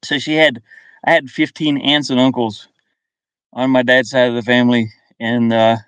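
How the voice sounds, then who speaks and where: A man's voice: mid-range voice, flat delivery, moderate pace, fairly bright tone, smooth, no room sound. Easygoing American man, faint Southern drawl. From US South (Kentucky and Virginia). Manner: easygoing, chuckles often, thinks aloud. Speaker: live-stream host. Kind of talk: casual live-stream chat, reading viewer comments. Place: inside his van.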